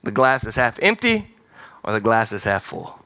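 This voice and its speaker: A man preaching a sermon, animated and playful, acting out quoted voices and laughing now and then. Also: fairly low pitch, normal speed, no room sound. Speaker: pastor. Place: large theater-style church hall.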